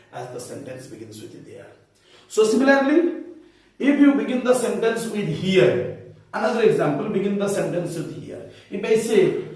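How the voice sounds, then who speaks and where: Echoey, high-voiced teacher. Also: male voice, a little mellow. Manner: explanatory, repeats key phrases. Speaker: English grammar teacher. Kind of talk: classroom grammar lesson. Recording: echoey room, mic far off.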